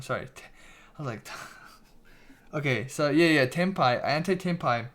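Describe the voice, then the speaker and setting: A man's voice: medium pitch, normal speed, fairly bright tone, slight background noise. A man streaming a card game, chatting casually with his viewers, restarting sentences and swearing offhandedly. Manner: swears casually, restarts a lot, reads chat aloud. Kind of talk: casual live-stream chat.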